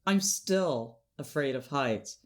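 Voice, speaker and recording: Interview guest: woman, animated storyteller, measured unhurried delivery. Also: rumbling low. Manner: animated storyteller, laughs often, acts out quotes.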